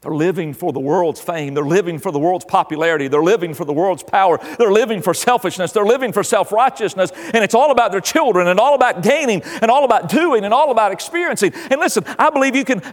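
High-voiced older preacher in a reverberant hall. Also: male voice, lively intonation, quick pace, hardly any pauses. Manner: preaching with swells and drops in volume. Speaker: pastor. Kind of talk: sermon. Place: church.

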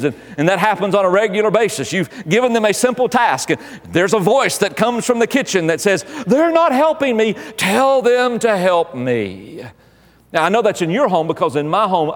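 A man's voice: high-pitched, animated, fast talker, few pauses, in a large hall. A man preaching a sermon as pastor, emphatic, with repeated phrases. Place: church.

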